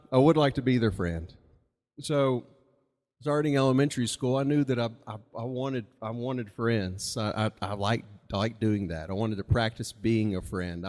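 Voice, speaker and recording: A man from Mississippi, telling a rambling, casual story at a live open mic with chuckling asides. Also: mid-range voice. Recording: long reverb of a live venue.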